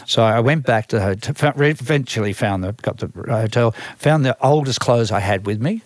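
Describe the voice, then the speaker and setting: Australian man, music manager, animated storyteller, mid-pitched voice, dry close sound. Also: a little fast, few pauses, no room sound. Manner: lively, acts out quoted voices, frequent restarts. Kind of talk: storytelling conversation.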